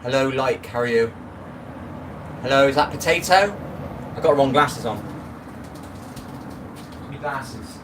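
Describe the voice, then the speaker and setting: A middle-aged man chats loosely on a live stream, drifting between asides and greeting viewers by name. He sounds set back from the phone mic, with clear background noise around him. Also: medium pitch, measured pace, pauses often, recorded from a distance. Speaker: livestream host. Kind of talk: casual live-stream chat.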